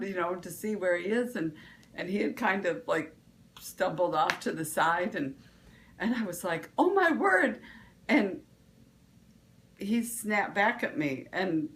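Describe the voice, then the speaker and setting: A woman's voice: fairly low pitch, a bit bright. A woman vlog host, giving a casual motivational talk, rambling with restarts and fillers.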